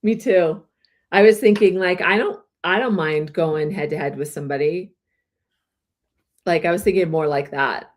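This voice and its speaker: Low-voiced woman co-host, relaxed chat. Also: normal speed. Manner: relaxed, reads questions aloud, laughs easily. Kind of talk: casual podcast chat.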